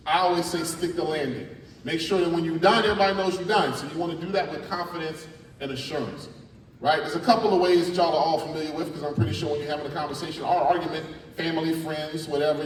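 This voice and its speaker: A middle-aged man, a spoken word artist giving a lively, playful workshop talk to students in a large school hall. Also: on the high side, a little hiss or hum. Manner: animated and playful, coaching the crowd. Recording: echoey hall from far off.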